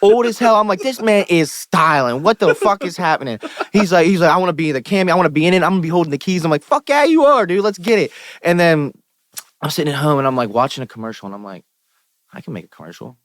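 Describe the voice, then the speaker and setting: A young man with a Pittsburgh accent, a musician guest telling stories on a podcast in an animated, profane way and acting out the people he quotes. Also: on the high side, quick pace, dry recording, clean studio sound. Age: young adult. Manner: animated, profane, quotes himself and others in lively asides. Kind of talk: casual podcast storytelling. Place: podcast studio.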